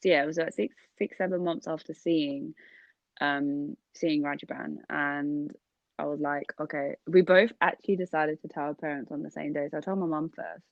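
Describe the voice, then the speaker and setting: A woman in her twenties, co-hosting a podcast in a relaxed, chatty way. Her voice sits very low for a woman, and she jumps up high whenever she acts out a quote. The sound is dull and lo-fi, with a dry, close feel. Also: normal speed, gravelly, no echo. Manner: animated storyteller, acts out quotes with big pitch jumps. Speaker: podcast co-host. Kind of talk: casual chat, personal storytelling.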